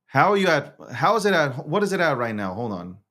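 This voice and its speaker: A man's voice: a little high, big pitch swings, fairly quick, pushed and bright. A man hosting his own show, talking in a casual, slangy monologue with lots of stammered restarts. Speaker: show host.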